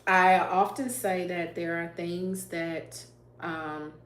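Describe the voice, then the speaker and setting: A woman's voice: on the low side, fairly even intonation, takes it slowly. A woman hosting a livestream, sharing an emotional faith testimony in an earnest way and answering viewer comments. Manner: earnest, emotional, laughs often; reads viewer comments aloud. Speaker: YouTube livestream host. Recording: echoey room, faint hum.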